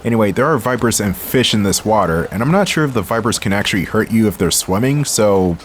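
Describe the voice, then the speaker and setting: A young man with a lowish voice chats casually over his gameplay, dry and wry, talking to viewers as he goes. A faint hiss of background noise sits under the recording. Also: lively intonation, fairly quick. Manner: laid-back, wry, talks to the viewer while playing. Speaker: gaming channel host. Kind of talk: casual let's-play commentary.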